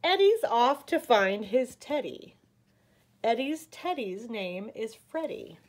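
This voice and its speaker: An American woman reading a picture book aloud at a library story time, slow and expressive. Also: a little high. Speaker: children's librarian.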